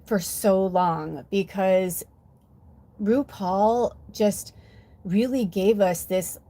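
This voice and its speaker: A woman's voice: medium pitch, very slow, dark tone. An American woman in her fifties, a spiritual medium hosting a livestream, telling stories in a chatty, heartfelt, rambling way. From United States. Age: 50s. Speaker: spiritual medium, oracle card reader. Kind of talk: casual livestream storytelling.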